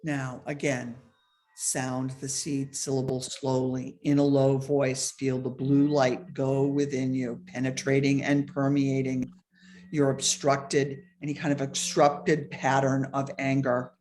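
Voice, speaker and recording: A woman guides a meditation in a low, deep voice, taking her time over every phrase. She speaks softly and unhurriedly, with long pauses between instructions. The sound comes through a video call. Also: level tone. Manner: slow, soft-spoken instructions with pauses.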